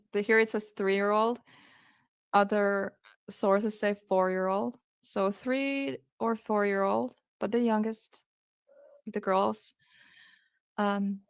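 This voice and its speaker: A woman's voice: mid-range voice, clean tone, dry recording, clean studio sound. A woman hosting a true crime live stream, telling the case hesitantly and apologizing while holding back tears.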